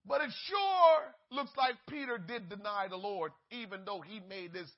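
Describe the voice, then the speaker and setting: Preacher guy, high lively voice, goes from shouting to hushed asides, bit husky. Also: normal speed, dull audio. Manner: acts out voices in the story. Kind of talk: sermon.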